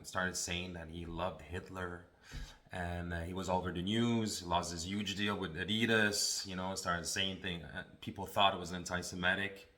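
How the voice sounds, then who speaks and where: Deep bright-toned male podcast host. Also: little pitch movement, moderate pace. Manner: hesitant, many fillers. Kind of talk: casual introduction of clips.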